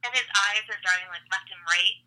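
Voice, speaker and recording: A woman's voice: medium pitch, fast, sharp tone, faint music behind, low-quality recording. A young woman guesting on a podcast, chatting in a gushy, conversational way with lots of "like". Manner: gushy, conversational, says "like" often. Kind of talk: casual podcast chat.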